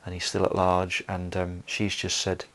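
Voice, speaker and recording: A man's voice: low voice, completely flat delivery, normal speed, fairly bright tone. A man giving a solo film commentary, rambling with many fillers and restarts.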